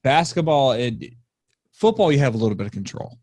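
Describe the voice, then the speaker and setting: A man, a high school football coach, talking bluntly and swearing freely as a podcast guest over a remote call. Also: sing-song, brisk, darkish tone, no echo. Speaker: football offensive coordinator, guest. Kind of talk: casual podcast chat.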